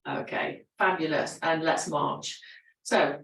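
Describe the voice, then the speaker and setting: A woman leading a gentle exercise class, encouraging and chatty, laughing often between cues. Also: low voice, steady tone, slow, creaky, recorded from a distance. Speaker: fitness instructor. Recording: roomy echo, voice from away from the mic.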